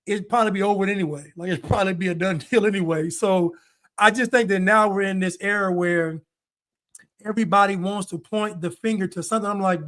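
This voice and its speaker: A man's voice: high-pitched, a little fast, a bit bright. A man hosting a podcast, talking bluntly and emphatically in casual chat, laughing often. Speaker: podcast host.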